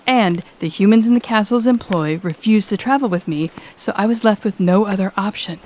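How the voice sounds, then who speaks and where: A woman's voice: medium pitch, moderate pace, a little mellow, lightly acted. A woman voicing a cold, sardonic female demon lord who talks in a curt, cutting, sarcastic way in an audio role-play. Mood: grudging.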